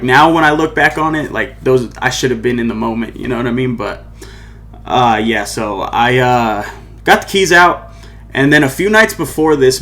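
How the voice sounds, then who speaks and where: A man's voice: medium pitch, a bit bright. A young man hosting his own podcast, telling a personal story in a loose, rambling way, full of "like" and "you know what I mean". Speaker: podcast host and musician.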